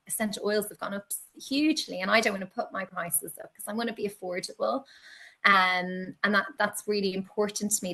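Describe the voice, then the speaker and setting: A woman guest in a conversational interview, telling stories about her work. She talks in a lively, animated way and acts out her own past reactions with sudden high exclamations. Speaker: guest, teacher and candle maker.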